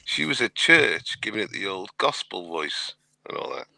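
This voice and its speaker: A Welsh man on a live stream with a very deep, gravelly voice. His tone is bright and sharp, and he makes mocking, dismissive remarks in a dry, close recording. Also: very animated, moderate pace, dry recording. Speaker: stream host. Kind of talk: casual livestream commentary.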